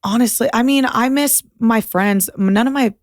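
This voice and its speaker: A woman's voice: a little high, moderate pace, no room sound, clean studio sound. A young woman from Boston with a light Boston accent, a guest talking frankly in a casual interview, with lots of filler "like"s. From Boston, USA. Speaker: podcast guest.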